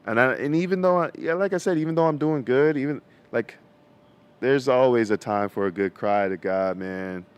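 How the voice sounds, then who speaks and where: A man's voice: medium pitch, moderate pace, smooth. A young man talking casually about his faith to his viewers, slangy and full of fillers, outdoors. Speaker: vlogger. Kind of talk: casual faith talk to camera.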